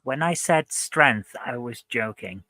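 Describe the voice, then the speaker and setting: Bright, chatty woman panelist. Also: extremely low pitch, expressive, no echo. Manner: chatty, quick to joke. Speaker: quiz panelist. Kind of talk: casual panel quiz banter.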